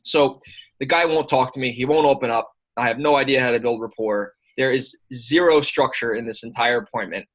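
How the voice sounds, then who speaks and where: A man's voice: medium pitch, rough recording. Young man telling a story casually. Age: early 20s. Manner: animated anecdote with quick asides. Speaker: guest, sales coach.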